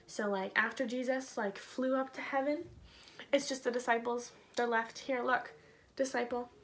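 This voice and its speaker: A woman's voice: fairly high pitch, fairly even intonation, normal speed, background noise. A woman teaching a casual children's Bible lesson from home, bubbly and chatty with lots of "like". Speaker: kids' church teacher.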